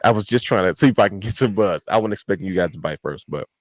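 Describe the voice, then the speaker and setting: A man co-hosting a wrestling podcast, telling a long-winded story with animated quotes. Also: sits low, quick pace, no echo. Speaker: podcast co-host. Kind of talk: casual chat.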